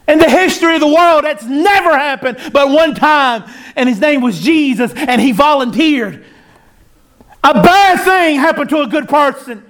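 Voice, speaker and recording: A man's voice: very high-pitched, moderate pace, fairly bright tone. A man preaching a sermon, in an impassioned cadence that rises and falls.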